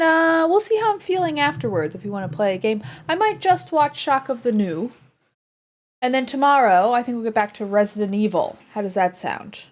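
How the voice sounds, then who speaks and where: Chatty American woman streamer. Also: on the high side. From United States. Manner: chatty, talks baby talk to her dog. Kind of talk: casual chat with stream viewers.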